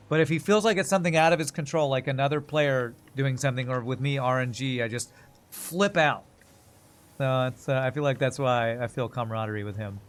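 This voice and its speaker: A man's voice: medium pitch, a little fast. A man streaming a game live, thinking aloud in rambling, self-mocking casual commentary.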